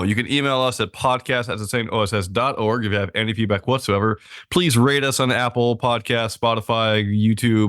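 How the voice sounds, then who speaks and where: A man's voice: fairly low pitch, a bit bright, smooth, no room sound, studio quality. A man hosting a podcast, chatting casually and upbeat while reading out the show's plugs. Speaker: podcast host.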